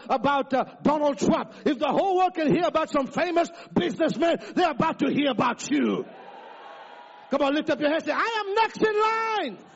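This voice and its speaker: A man preaching a sermon, calling out lines for the congregation to repeat back to him. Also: extremely high pitch. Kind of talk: sermon with call-and-response. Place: large church hall. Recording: dull, echoey church recording.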